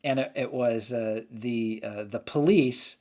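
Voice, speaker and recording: A man's voice: mid-range voice, measured pace, darkish tone. Rambling man musing aloud. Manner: rambling, frequent restarts and self-corrections. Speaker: channel host. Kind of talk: casual opinion monologue.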